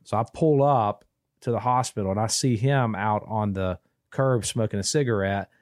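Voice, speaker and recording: A man, telling a long story in casual podcast chat, rambling and restarting, animated when he quotes people. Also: lowish voice, moderate pace, no room sound, clean studio sound. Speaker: podcast co-host.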